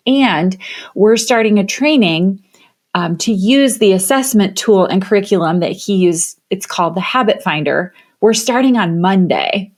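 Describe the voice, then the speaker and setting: Woman, middle-aged, podcast guest, animated storyteller, conversational. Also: medium pitch, unhurried. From Chicago area, US. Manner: animated storytelling, acts out quoted voices. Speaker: guest, women's leadership coach.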